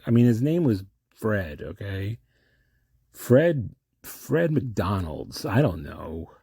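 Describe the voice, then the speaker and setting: Gravelly low-voiced man rambling. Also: warm tone, dry recording. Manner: halting, stammering restarts. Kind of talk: rambling comic monologue.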